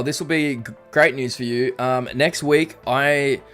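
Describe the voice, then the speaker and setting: A man's voice: mid-range voice, fairly even intonation, measured pace, fairly bright tone. A young Australian man casually chatting on a live stream, rambling and reading chat messages aloud. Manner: rambling, reads chat aloud, frequent ums. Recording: faint background music.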